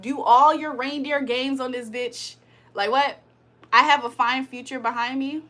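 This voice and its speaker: A woman's voice: sits high, steady tone, measured pace, sharp tone. A woman hosting a livestream of spiritual card readings, talking bluntly with heavy profanity, venting her irritation between readings. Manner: blunt, profane, annoyed venting with frequent laughs. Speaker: spiritual reader and livestream host. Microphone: streaming setup.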